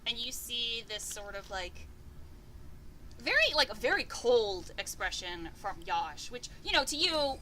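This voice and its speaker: Bright high-voiced woman game master. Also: expressive, measured pace, rough recording. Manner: casual, joking. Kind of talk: narrating a tabletop game. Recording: faint background noise.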